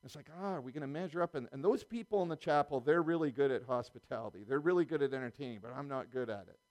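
A man's voice: mid-range voice, animated, fast, darkish tone. A middle-aged man preaching a sermon in a conversational way, full of restarts and small chuckles.

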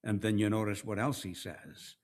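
A middle-aged man preaching a sermon, slow and deliberate, swinging between hushed and raised passages. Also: lowish voice, fairly even intonation. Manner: slow, with dramatic swings between soft and loud.

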